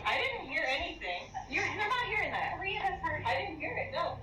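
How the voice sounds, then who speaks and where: Clinic staffer, female, high lively voice, clipped speech; echoey, distant, heavy noise. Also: a little fast. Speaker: veterinary clinic staff in a clip. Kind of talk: overheard workplace talk. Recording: roomy distant camera audio with loud noise.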